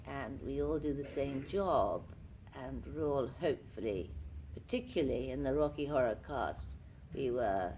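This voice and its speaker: A woman's voice: deep voice, a little mellow, slight background noise. An older actress telling theatrical anecdotes in a convention interview, acting out the lines she quotes. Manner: theatrical storyteller who acts out quotes. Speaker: actress guest. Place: convention room.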